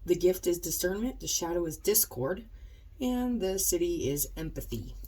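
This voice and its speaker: A woman's voice: fairly low pitch, animated, moderate pace, dark tone, breathy edge. A woman doing a casual tarot reading with a stuffed-up, nasal voice, rambling with many ums and likes. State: stuffed-up nose. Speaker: tarot reader.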